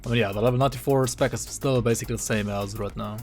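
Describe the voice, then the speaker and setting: Man, game streamer, casual commentary, lots of filler words, soft game music behind. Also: medium pitch, steady tone, rapid-fire. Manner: laid-back, lots of likes and rights.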